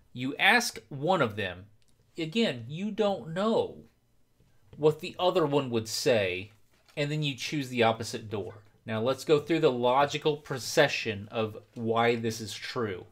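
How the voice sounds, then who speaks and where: A young man streaming casually while drinking, rowdy and profane, explaining things at length. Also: medium pitch. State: drinking alcohol. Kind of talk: casual live-stream chat.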